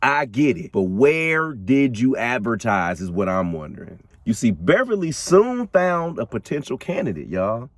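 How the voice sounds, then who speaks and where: A man's voice: medium pitch, measured pace, few pauses, no room sound. A man hosting a podcast, telling a true crime story in a casual, slangy way, laughing and talking straight to his listeners. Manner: animated, slangy, laughs often, addresses listeners directly. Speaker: podcast host.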